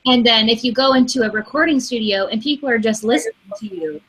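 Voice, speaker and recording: Twenties woman, slight Michigan accent, bright, chatty co-host energy. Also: fairly high pitch, quick pace, husky. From Michigan, USA. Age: 20s. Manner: chatty, laughs easily. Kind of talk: casual chat.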